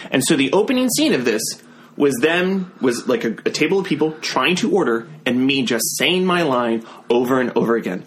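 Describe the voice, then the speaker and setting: This man spins a story as a podcast guest, circling back with restarts and laughing at himself. His pitch sits right in the middle for a man, and a faint hiss runs under the talk. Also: lively intonation, fairly quick. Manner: rambling storyteller, many restarts, self-deprecating. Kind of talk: casual podcast chat.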